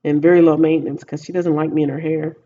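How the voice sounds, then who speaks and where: A woman's voice: deep voice, flat delivery, fast talker, mellow, highs cut off, a little hiss or hum. A Texan woman livestreaming from home, chatting casually and rambling as she thinks aloud to viewers. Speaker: livestreaming vlogger.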